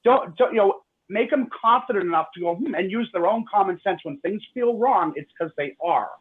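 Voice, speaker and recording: Male radio co-host, high animated voice, a bit raspy, muffled lo-fi line. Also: brisk. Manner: animated, repeats words when stressing a point. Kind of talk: casual radio chat.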